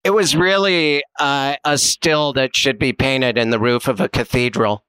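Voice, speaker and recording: A man's voice: mid-range voice, fairly even intonation, measured pace, sharp tone, clear, resonant tone, no echo. A man co-hosting a podcast from home, telling rambling stories in casual chat with self-deprecating humor. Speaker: podcast co-host.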